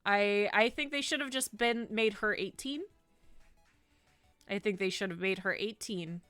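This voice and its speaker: A woman streaming a game from home on a desk microphone, chatting casually and ranting with animated disgust. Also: mid-range voice, unhurried, no room sound, faint music behind. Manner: animated, says 'ew' and 'icky' with disgust, ranting. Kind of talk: casual gameplay stream chat.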